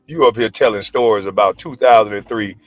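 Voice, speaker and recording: A man's voice: lowish voice, fairly quick, no echo, soft background music. A man in his forties, a livestream host and former pro basketball player, ranting in a heated, profane, mocking way. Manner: mocking, profane, combative, laughs scornfully. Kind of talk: heated casual rant.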